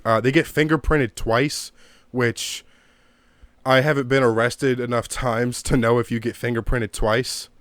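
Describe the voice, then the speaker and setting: Guy ranting about a movie at home, swears nonstop, smooth clear voice, no room echo. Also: mid-range voice, steady tone, unhurried. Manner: profane, rambling, gets worked up. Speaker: video creator reviewing a movie. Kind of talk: casual ranting commentary. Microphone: own desk mic.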